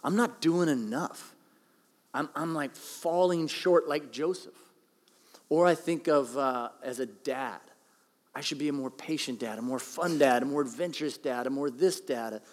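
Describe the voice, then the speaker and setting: Pastor preaching in a reverberant hall. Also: male voice, medium pitch, fairly even intonation, moderate pace. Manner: conversational, self-deprecating, acts out quotes. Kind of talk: sermon.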